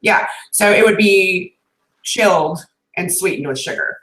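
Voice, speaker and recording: A woman's voice: mid-range voice, a bit bright. Chatty Southern US woman, echoey room. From North Carolina, US. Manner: chatty, explains with many fillers and pauses. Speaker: co-host. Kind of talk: casual live-stream chat.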